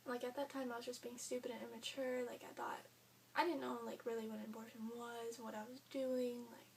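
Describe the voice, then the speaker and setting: A woman's voice: on the high side, level tone, brisk, vocal fry, darkish tone. A young woman telling her own story in a chatty way, full of "like" and quoted dialogue. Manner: chatty, frequent "like", quoting others in her own voice. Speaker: vlogger. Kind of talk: casual storytelling. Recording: faint hum, a bit far from the mic.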